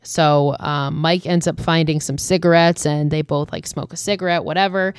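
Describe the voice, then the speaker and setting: A woman with a notably low voice chats her way through a story. Her talk is loose and full of "like" and swearing, recorded dry and close with no room sound. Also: steady tone, moderate pace, clear, resonant tone, no echo. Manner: chatty, heavy use of "like" and frequent swearing. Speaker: vlogger recapping a horror film. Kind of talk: casual storytelling recap.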